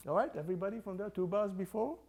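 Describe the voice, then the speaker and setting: A man's voice: sits high, racing, vocal fry, a little mellow. An older man leading a music master class, coaching young players and singing phrases aloud to show them. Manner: sings phrases aloud to demonstrate, encouraging and playful. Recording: faint music behind the voice. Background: chamber music playing.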